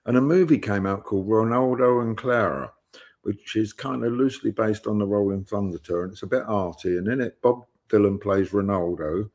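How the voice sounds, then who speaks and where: A man's voice: fairly low pitch, fairly quick, a little mellow. A man, telling rambling anecdotes as a guest on an online interview show and acting out the lines he quotes. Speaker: guest musician.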